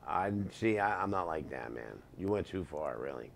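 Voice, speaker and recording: A man's voice: very deep voice, animated, moderate pace, vocal fry. A middle-aged man, a guest comedian, telling road stories in casual chat with punchy joke delivery. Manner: storytelling, punchy joke delivery, quotes people in changed voices.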